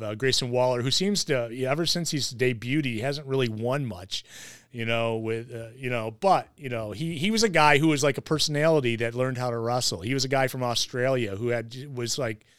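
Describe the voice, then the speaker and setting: A man's voice: medium pitch, fairly bright tone, clean tone, dry recording, clean studio sound. A man hosting a casual wrestling podcast, rambling with lots of fillers and restarts. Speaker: podcast host.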